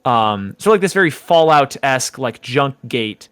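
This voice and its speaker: A man's voice: mid-range voice, lively intonation, moderate pace, a bit bright, clean tone, no echo. Laid-back male game master. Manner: laid-back, hesitant, many fillers. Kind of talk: narrating a tabletop game.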